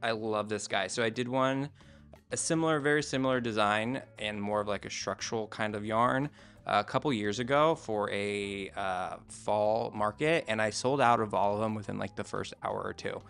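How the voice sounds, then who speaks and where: Laid-back gravelly man showing off crafts. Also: on the low side, moderate pace, fairly bright tone, faint music behind. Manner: laid-back, rambling, self-deprecating, many fillers. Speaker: crochet maker presenting his handmade shop. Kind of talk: casual vlog show-and-tell. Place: indoor room at home.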